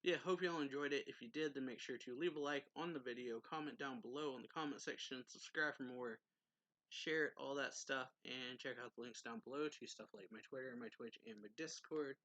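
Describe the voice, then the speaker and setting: A man's voice: mid-range voice, a little fast, pushed and bright, no room sound, poor audio. A young man hosting his own channel, casually recapping a comic chapter in a rambling way, often correcting himself. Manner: rambling, many self-corrections. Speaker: manga reviewer, channel host.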